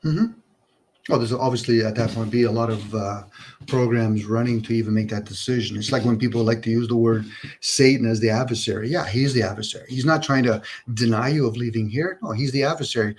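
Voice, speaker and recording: A man's voice: mid-range voice, steady tone, a little fast, a little hiss or hum. A man hosting a livestream, rambling through philosophical ideas with lots of rhetorical questions over an online call. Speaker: livestream host. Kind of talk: casual philosophical chat.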